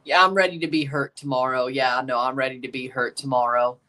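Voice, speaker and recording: Slightly hoarse young man calling a match. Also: mid-range voice, fairly even intonation, a little fast, sharp tone. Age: 20s. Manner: chatty, running play-by-play asides. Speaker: streamer reacting to a match. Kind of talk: livestream watchalong commentary.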